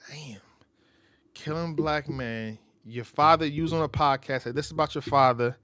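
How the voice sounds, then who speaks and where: Male reaction host: sharp, slightly high voice, dry and close, emphatic repeated phrases. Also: moderate pace, no echo. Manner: breaks into loud excited outbursts. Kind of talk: casual reaction commentary.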